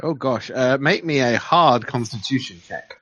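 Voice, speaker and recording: A man's voice: medium pitch, measured pace, bright, forceful tone. A man narrating a tabletop game as game master, playful and loose, with fillers. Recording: dull lo-fi recording.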